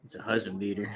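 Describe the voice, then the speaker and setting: A young man with a fairly low-pitched voice is livestreaming over some background noise. He reads his chat's questions aloud and answers them bluntly, in crude, profane, slangy banter.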